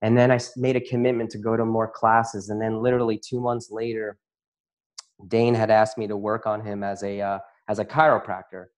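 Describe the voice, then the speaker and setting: A man's voice: fairly low pitch, flat delivery, a little fast. Earnest man telling his life story. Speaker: chiropractor and workshop facilitator. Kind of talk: personal testimony to an audience.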